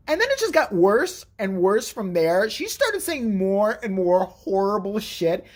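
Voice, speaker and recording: A man telling a story in a casual vlog, profane and animated, jumping into the voices of the people he quotes. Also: high voice, normal speed.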